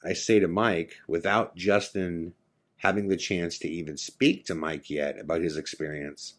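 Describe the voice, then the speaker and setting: Deep-voiced man telling a story casually. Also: steady tone, moderate pace. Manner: loose and conversational, full of "you know" and "like". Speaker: podcast host. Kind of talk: casual storytelling of a personal ghost experience.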